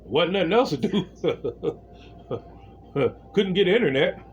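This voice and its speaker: A man's voice: high voice, slow pace, dull audio, slight background noise. A man speaking a casual monologue to his viewers, telling a story with plenty of swearing and addressing them directly as "y'all". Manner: animated storytelling, swearing freely; talks straight to viewers as "y'all". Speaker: vlogger.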